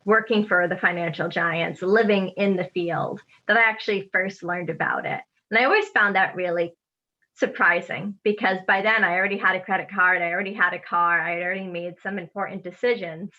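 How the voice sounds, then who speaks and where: A woman's voice: mid-range voice, pushed and bright, muffled recording. A woman from Massachusetts, a money educator, speaking as a podcast guest in an upbeat, articulate way and laughing easily. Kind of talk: remote podcast interview.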